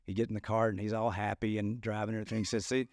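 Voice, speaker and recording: A man co-hosting a podcast, telling a story in a halting way, repeating words and laughing as he goes. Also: lowish voice, flat delivery, a little mellow, no room sound, studio quality. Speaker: podcast co-host. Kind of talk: casual storytelling chat.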